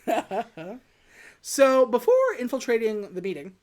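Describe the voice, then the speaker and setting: A woman co-hosting a podcast casually recaps a film, acting out its lines in character and laughing often. Her voice is on the high side, and she speaks at a measured pace while staying animated.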